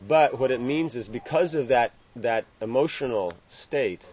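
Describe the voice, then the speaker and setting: A man giving an informal scripture class. He speaks haltingly, restarting phrases and tagging lines with "you know". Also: medium pitch, a little mellow. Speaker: religious teacher. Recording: dull lo-fi with faint ambient hiss.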